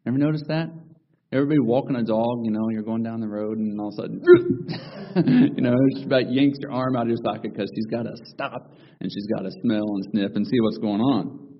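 A man preaching a sermon, opening with folksy jokes and stories before slowing down to read scripture. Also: on the low side, fairly even intonation, highs cut off.

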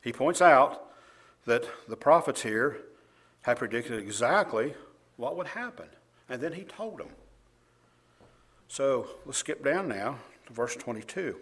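A man's voice: mid-range voice, a little slow, pauses often, breathy edge. A man preaching a sermon, reading scripture aloud with emphasis and chuckling often. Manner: animated, laughs often, reads verses louder.

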